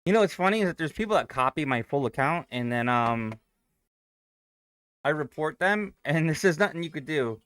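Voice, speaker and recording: A man's voice: fairly high pitch, animated, normal speed, a bit bright, clean tone, no room sound. Young guy streaming and chatting, swears a lot, voice jumps all over, dry close mic. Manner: loose and profane, thinking aloud. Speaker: day trading streamer. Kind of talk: casual live-stream chat, reading viewer comments.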